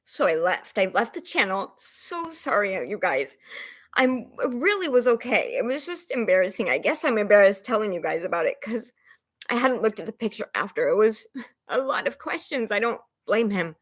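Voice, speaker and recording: A woman vlogger chats straight to her viewers in a loose, rambling way, breaking into nervous laughs. She sounds self-conscious and close to tears. Her voice sits at an ordinary middle pitch. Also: sing-song, normal speed. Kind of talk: casual chat to viewers.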